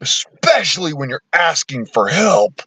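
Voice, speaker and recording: Profane, heated man in his thirties, bright and dry. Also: on the high side, very animated, a little slow, husky, no echo. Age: 30s. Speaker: streamer. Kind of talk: angry political rant.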